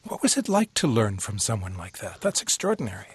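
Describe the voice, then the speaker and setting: A male radio host reading a scripted introduction and asking interview questions in a smooth, even broadcast manner. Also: lowish voice, fairly quick, no room sound.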